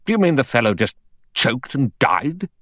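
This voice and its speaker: A man voicing a bluff old retired general, gruff and clipped in his speech. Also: medium pitch, sing-song, normal speed, fairly bright tone, dry recording, clean studio sound, voice pushed up. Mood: puzzled.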